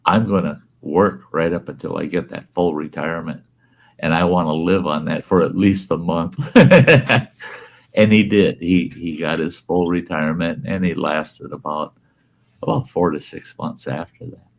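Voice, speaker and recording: Host, male, middle-aged, very deep voice, animated storyteller. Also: moderate pace, gravelly. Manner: animated storyteller, laughs through lines, quotes others in a raised voice. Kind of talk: casual storytelling chat.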